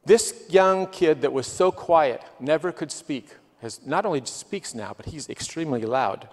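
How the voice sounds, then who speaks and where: A man with a fairly high voice gives a missionary testimony in a church sanctuary, telling stories earnestly and rising with feeling. The long reverb of the hall trails after his words. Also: lively intonation, measured pace. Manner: earnest storytelling, quoting people, swells with emotion. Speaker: guest missionary.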